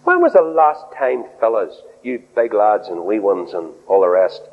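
A man preaching a sermon in an animated way. He swings his pitch up and down, acts out quoted voices and drops in humorous asides. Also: normal speed, few pauses. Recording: dull lo-fi recording in a reverberant hall.

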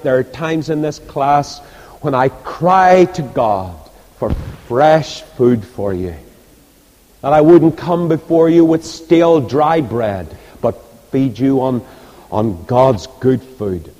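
A man preaching a sermon with passion, rising to high, loud peaks and dropping soft again. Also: expressive, moderate pace. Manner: impassioned, rises to loud high peaks, then drops soft. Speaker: preacher and Bible class leader. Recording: long hall reverb.

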